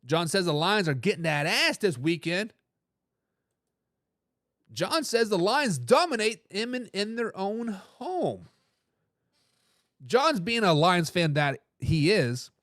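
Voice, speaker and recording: A high-voiced man hosts a live sports talk stream, talking quickly and animatedly, restarting his sentences and throwing in hype catchphrases. The sound is dry and close, with no room echo. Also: very animated. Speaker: sports talk show host.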